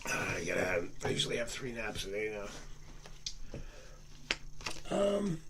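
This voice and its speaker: A man's voice: on the low side, sing-song, measured pace, noisy background. A man giving casual, chatty tarot readings on a live stream, rambling and joking as he goes. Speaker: tarot reader. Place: home.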